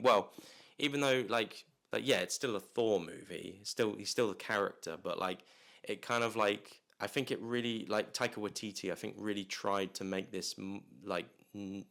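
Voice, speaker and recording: A man's voice: lowish voice, creaky, a bit bright. A man reviewing a movie in a casual, rambling way, full of restarts, fillers and jokey asides.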